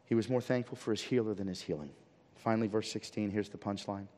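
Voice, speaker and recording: A man preaching a sermon as pastor, swinging from loud emphatic peaks to quiet low pleading and asking the congregation rhetorical questions. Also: quick pace. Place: church sanctuary. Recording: long reverb of a church hall.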